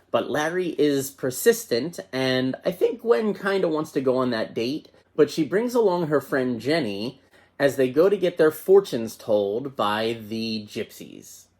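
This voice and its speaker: A man hosts a casual movie review and talks in an enthusiastic, conversational way. His voice sits at an ordinary middle pitch. He comes across as chatty and eager. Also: a little mellow.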